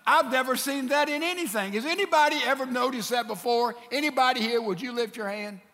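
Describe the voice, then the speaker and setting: A man preaching a sermon in a high, bright, forceful voice. He tells the story with animation and acts out its characters. His voice rings with the long reverb of a church hall. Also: a little fast.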